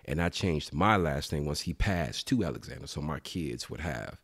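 A man's voice: very deep voice, expressive, normal speed, fairly bright tone, husky, no echo, clean studio sound. A man from Dallas, a podcast guest talking in a laid-back, reflective way. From Dallas, Texas. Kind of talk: casual podcast conversation.

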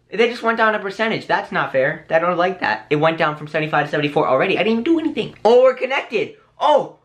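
A young man talks through an unboxing vlog in a bright, forward voice. He is chatty and easily excited. He speaks straight to his viewers as he goes. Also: high voice. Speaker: YouTube vlogger.

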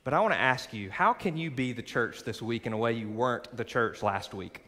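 A bright, forceful man preaches from the front of a sanctuary, his voice carrying on a long hall reverb. He pushes his points with rising emphasis and calls on the congregation to respond. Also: medium pitch, lively intonation, brisk. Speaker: pastor. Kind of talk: sermon. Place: large church sanctuary.

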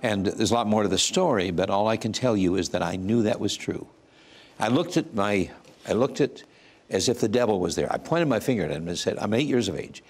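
A man's voice: lowish voice, animated, brisk. A man in his eighties, a guest earnestly telling his life story and acting out the voices he quotes. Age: 80s. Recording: music playing under the voice. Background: soft music.

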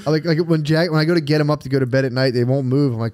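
A young man chatting casually on a podcast, laughing often and breaking into goofy voices. His voice sits a little high and swoops widely up and down as he talks. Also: lively intonation, quick pace. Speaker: podcast co-host. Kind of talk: casual chat.

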